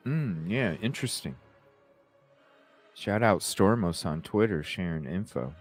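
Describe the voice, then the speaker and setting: A man's voice: deep voice, animated, unhurried, soft background music. A man hosting a live podcast, chatting casually, laughing often and swearing as he rambles. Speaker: podcast host. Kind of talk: casual live-stream chat.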